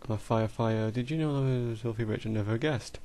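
A man's voice: mid-range voice, fast talker, darkish tone. A man giving casual let's-play commentary through a headset mic, often exasperated and talking back to the characters on screen. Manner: exasperated, talks to the game characters, mild swearing. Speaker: gamer doing a let's play.

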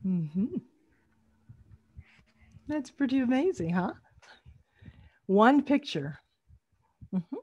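A woman presenting an online storytelling workshop for young tellers, speaking in an animated, teacherly way over a video call. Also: on the high side, no room sound, dull audio. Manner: animated, teacherly, drawn-out emphasis.

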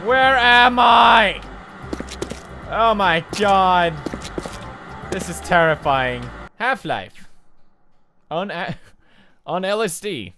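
A man giving excitable let's play commentary over a video game, laughing a lot and breaking into shouts. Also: sits high, slow pace, pauses often, soft background music. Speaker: gaming commentator.

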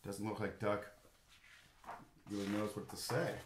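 A man reading a children's storybook aloud to a class, animated and playful, acting out the animals' sounds. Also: fairly low pitch, measured pace, noisy background. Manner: animated, voices the animals with big roars and quacks. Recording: echoey room.

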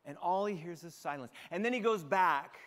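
A man, a pastor, preaching a sermon and retelling scripture with expressive storytelling. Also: high-pitched, moderate pace, in a large hall. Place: church sanctuary.

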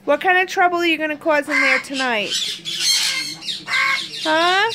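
High-voiced woman over loud bird squawks. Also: unhurried, long pauses, very noisy. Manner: coos baby talk at her birds. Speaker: pet bird channel host. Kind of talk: casual bedtime vlog to viewers. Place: home at night with pet birds.

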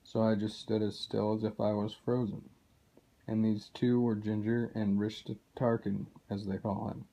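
A man's voice: on the low side, flat delivery, normal speed, gravelly, warm tone. A man reading aloud as a loyal male dwarf telling what he overheard, in a plain, earnest way. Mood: confiding. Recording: dull lo-fi recording.

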